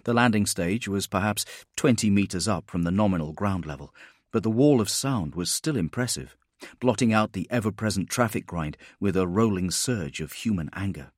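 A man giving steady, measured scripted narration of an audiobook. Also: lowish voice, dry recording, studio quality.

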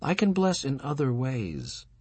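A bitter, defiant older wife, played by a man reading aloud. She speaks quietly, clipped and cutting. Her voice is husky and dry. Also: mid-range voice, sing-song, measured pace, dry recording, pitched above the performer's own voice.

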